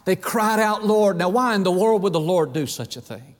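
A high-pitched male preacher delivers a sermon with dramatic swings of voice. He acts out scripture quotes and addresses his listeners as friend. The sound rings with the long reverb of a large hall. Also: animated, moderate pace.

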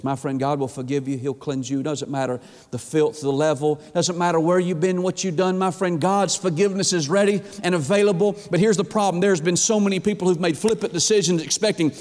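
A male pastor preaching a sermon, swinging from high, urgent pleas to hushed low tones and stammering when fired up. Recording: long reverb of a church hall.

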